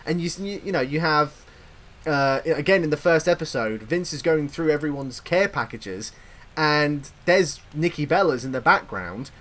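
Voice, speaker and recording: Animated English man, lively pitch. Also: normal speed. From Britain. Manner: animated, blunt opinions. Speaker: podcast host. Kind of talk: casual podcast chat.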